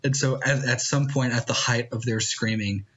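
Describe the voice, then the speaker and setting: A man's voice: medium pitch, fairly even intonation, normal speed, fairly bright tone, slightly rough, dull audio. A man in his thirties, a pastor guesting on a podcast, telling family stories casually with lots of chuckles. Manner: laughing storyteller with frequent fillers. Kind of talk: casual chat.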